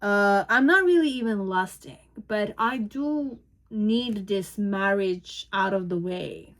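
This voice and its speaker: Woman, tarot reader, casual reading, middle pitch, rambling, self-correcting, amused, speaks as the subject of the cards. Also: lively intonation, takes it slowly. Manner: speaks in first person as the person the cards describe; loose and rambling, with frequent hesitations and self-corrections.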